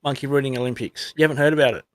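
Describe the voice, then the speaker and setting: A man's voice: medium pitch, steady tone, rapid-fire, no echo, studio quality. A middle-aged man co-hosting a podcast, telling a joke and laughing through it. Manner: laughs through his storytelling. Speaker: podcast co-host.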